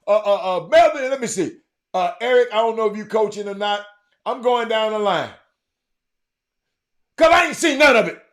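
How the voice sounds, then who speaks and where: Animated high-voiced man ranting. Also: moderate pace, long pauses. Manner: animated, exasperated, hollering. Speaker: host. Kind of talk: ranting monologue.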